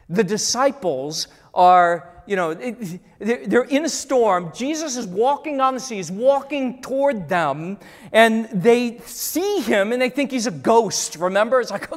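Dramatic preacher in a reverberant hall. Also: medium pitch. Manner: dramatic, acts out quoted voices, repeats key lines. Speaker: pastor. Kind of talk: sermon.

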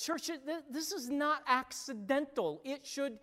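Animated preacher in a reverberant church. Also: sits high, a little slow, hardly any pauses. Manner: animated, emphatic repetition, addresses congregation directly. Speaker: pastor. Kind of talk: sermon. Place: church sanctuary. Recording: long reverb of a large church hall.

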